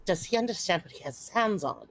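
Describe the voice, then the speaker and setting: A woman's voice: on the low side, lively intonation, breathy edge, no echo, soft background music. A woman playing a reserved noble daughter. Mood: dry. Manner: formal, measured, dry.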